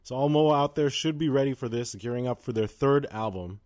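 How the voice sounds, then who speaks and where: A man's voice: medium pitch, fairly quick, a little mellow. A young man co-hosting a podcast, chatting casually and rambling with fillers and laughs. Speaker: podcast co-host. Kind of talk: casual chat.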